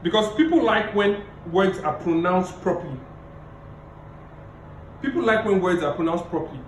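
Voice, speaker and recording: A man giving a public speaking lecture over a video call, emphatic and repeating key phrases, deliberately playing his tone up and down. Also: high voice, animated, reverberant, slight background noise, poor audio. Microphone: video call mic.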